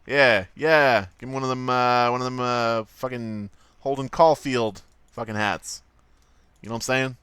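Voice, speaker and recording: A man's voice: mid-range voice, fairly even intonation, measured pace, a bit bright, smooth, dry recording. A man casually commenting on his livestream while drawing, rambling, joking and swearing a lot. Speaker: streamer.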